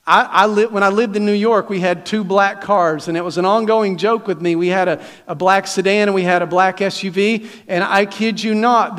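Folksy high-voiced pastor preaching in a hall. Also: male voice. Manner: folksy, conversational preaching with frequent restarts and asides. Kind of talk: sermon. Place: church sanctuary.

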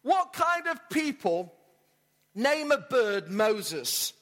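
A man's voice: very high-pitched, sing-song, extremely slow, fairly bright tone, heavily acted. A pastor voicing a jumpy male burglar who hisses his questions in disbelief, in a reverberant church hall. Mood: incredulous. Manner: incredulous, hissing.

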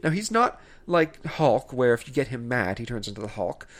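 A man co-hosting a podcast, ranting in casual chat with animated exasperation and laughter. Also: medium pitch, normal speed. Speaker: podcast co-host reviewing films.

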